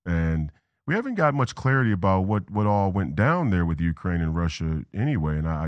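A man's voice: low voice, no echo. A man hosting a political talk show, delivering a rambling commentary monologue, repeating and restarting words and drifting into tangents. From Minnesota.

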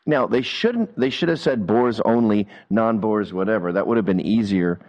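A man hosting a reaction commentary, talking in an animated, mocking, opinionated way. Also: fairly low pitch, normal speed, muffled recording. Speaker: commentator host.

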